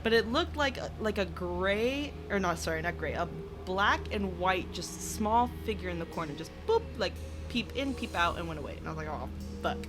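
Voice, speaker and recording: A woman co-hosting a paranormal podcast, telling a story in lively casual chat, swearing often and laughing. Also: mid-range voice, normal speed, few pauses, over music. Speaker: podcast co-host.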